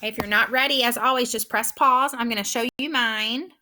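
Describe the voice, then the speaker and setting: A woman teaching a phonics lesson, patiently sounding out words slowly and clearly. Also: a little high, fairly even intonation, bright, forceful tone, a little hiss or hum. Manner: patient, encouraging.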